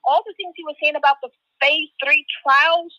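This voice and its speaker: A woman's voice: sits high, steady tone, moderate pace, bright, forceful tone, no room sound. A woman co-hosting a podcast over a phone call, emphatically repeating her appeals to listeners. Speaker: podcast co-host. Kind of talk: preachy podcast exhortation.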